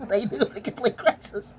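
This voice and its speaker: A woman's voice: medium pitch, noisy background. A woman giving a blunt, profane, emotionally intense rant as a vlogger. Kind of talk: profane ranting monologue.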